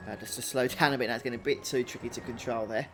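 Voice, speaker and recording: A man hosting a video game walkthrough in a relaxed, chatty way, thinking out loud as he plays. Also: medium pitch, quick pace, faint music behind. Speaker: gaming channel host.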